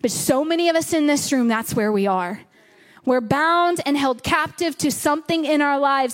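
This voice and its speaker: A woman's voice: sits high, expressive, normal speed. A woman pastor preaching a sermon to a congregation, telling a personal story and repeating phrases for emphasis. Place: church in front of a congregation.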